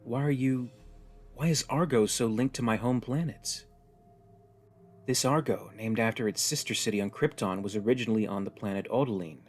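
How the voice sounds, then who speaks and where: A man's voice: lowish voice, close to an everyday voice. A man voicing a jaded, resigned young woman. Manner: blunt, weary, resigned. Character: jaded tough young woman stranded on an alien world.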